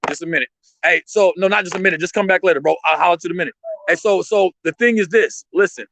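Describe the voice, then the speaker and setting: A man's voice: high voice, quick pace, fairly bright tone, poor audio. A man talking emotionally and emphatically on a livestream from his street stand, in slangy street talk. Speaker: street artist and vendor, livestream guest.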